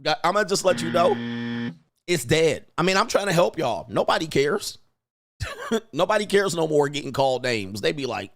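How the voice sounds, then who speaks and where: Gravelly, slangy man riffing on stream. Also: fairly high pitch, lively intonation, normal speed, a bit bright, no room sound, studio quality. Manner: slangy, riffing, laughs often, mimics people. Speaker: host and commentator. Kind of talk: livestream commentary.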